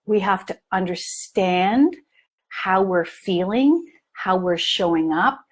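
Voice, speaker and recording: A middle-aged woman leads a parent training session in an unhurried, measured delivery. She tells stories with animation, jumping into little voices for the people in them. Her pitch sits in the middle range. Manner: animated storytelling, acts out scenes in lively voices. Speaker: parent coach. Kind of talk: live training talk to an online audience.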